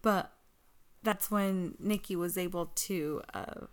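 A woman's voice: mid-range voice, normal speed, fairly bright tone. A woman co-hosting a podcast in casual chat. She laughs often and rambles, with lots of "like" and restarts. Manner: giggly, rambling, full of "like" and restarts. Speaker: podcast co-host. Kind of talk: casual chat recapping wrestling.

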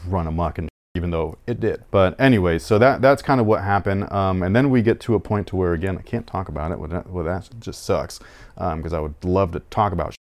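Male podcast co-host, lowish voice, casual and profane, animated storyteller. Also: a little fast. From Sacramento, California. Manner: animated, profane, self-mocking, rambles with restarts.

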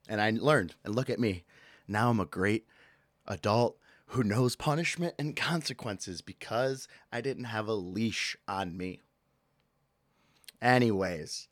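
A man's voice: fairly low pitch, no room sound, clean studio sound. A man hosting a casual podcast, ranting and joking about everyday gripes. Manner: animated, ranting, jokey, quick to yell out bits. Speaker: podcast host. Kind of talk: casual solo podcast rant.

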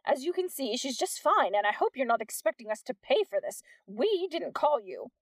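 A woman's voice: high voice, wildly swooping pitch, brisk, mellow, no echo, far from the mic, voice pushed up. A woman voicing a snobbish, indignant middle-aged mother who talks with haughty sharpness.

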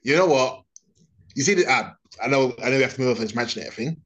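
A man chatting casually about wrestling as a podcast co-host, relaxed and hesitant, often repeating himself. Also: mid-range voice, rapid-fire, poor audio.

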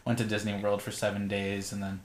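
A man's voice: lowish voice, monotone, brisk. A man co-hosting a podcast, reflecting casually in an easygoing way. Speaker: podcast co-host. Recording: echoey room, faint music.

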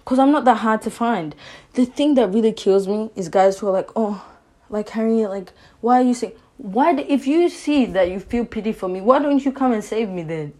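A woman's voice: a little high, fairly quick. Opinionated woman podcaster. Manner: animated and opinionated, with frequent "you know what I'm saying". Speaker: podcast host. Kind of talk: casual relationship-advice monologue.

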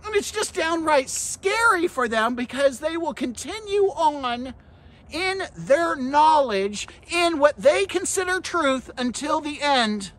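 A man's voice: sing-song, takes it slowly. Impassioned male preacher. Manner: impassioned, addresses listeners directly as friends and guys; swings between quiet, low stretches and loud, emphatic bursts. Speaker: pastor and podcast host. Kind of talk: devotional podcast sermon.

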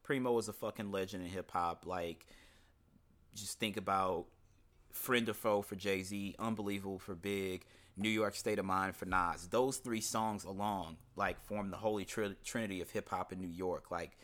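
A man's voice: deep voice, fairly even intonation, normal speed, a bit bright. A man hosting a casual talk about an album, chatting loosely, swearing freely and reading quotes aloud. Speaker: podcast host discussing an album. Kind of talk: casual commentary with read-out quotes.

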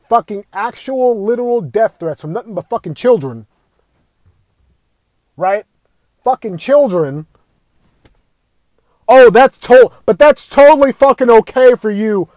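A man with a high-pitched voice tears into his audience in a furious rant, swearing with nearly every sentence. His voice is dry and close, with no room sound around it. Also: a little mellow, no room sound. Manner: heated, swearing constantly, raising voice at times. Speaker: video ranter. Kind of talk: angry profane rant.

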